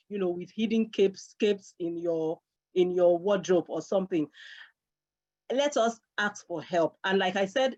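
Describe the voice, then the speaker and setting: A woman's voice: lowish voice, a little mellow. A middle-aged woman talking earnestly in a casual chat, repeating key phrases for emphasis. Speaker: guest speaker. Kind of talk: casual conversational advice. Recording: dull lo-fi sound.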